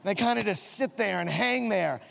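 A man's voice: sits high, expressive, normal speed, creaky, a bit bright. A man in his thirties preaching a sermon, telling a comic, self-mocking story about his own family. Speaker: pastor. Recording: long reverb of a large hall.

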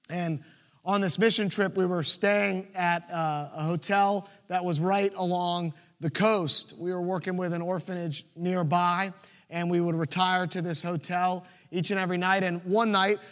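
A young man from Virginia Beach preaching a sermon, telling a story and acting out the shouted lines. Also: sits high. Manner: storytelling, acts out shouted quotes. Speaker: pastor.

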